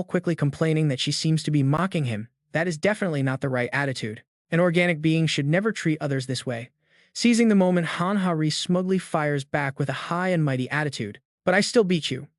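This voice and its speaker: A man tells a comic-book story in a scripted, dramatic narration, his voice sitting a bit high for a man. The recording is close and dry with no room sound. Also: no echo. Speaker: recap narrator.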